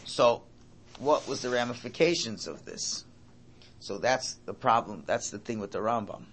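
A man's voice: mid-range voice, lively intonation, moderate pace, a little hiss or hum. A man giving a Torah class lecture, emphatic, often repeating and restarting his phrases. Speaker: Torah teacher.

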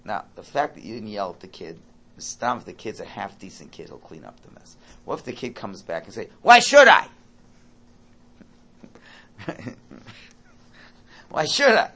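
A man giving an informal Torah talk, animated and acting out parent and child dialogue. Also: low-pitched, fairly quick, creaky, breathy edge.

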